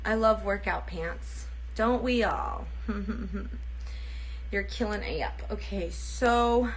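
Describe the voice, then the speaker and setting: Young woman chatting on a livestream, bright and a bit high, giggly, faint hiss behind. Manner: chatty, self-deprecating, giggly. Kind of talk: casual livestream chat.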